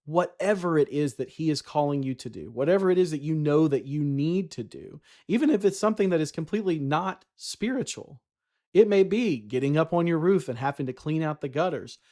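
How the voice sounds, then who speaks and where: A man's voice: fairly high pitch, lively intonation, a little fast, warm tone. A man giving a casual devotional talk, chatty, with many fillers and restarts. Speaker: Christian vlogger.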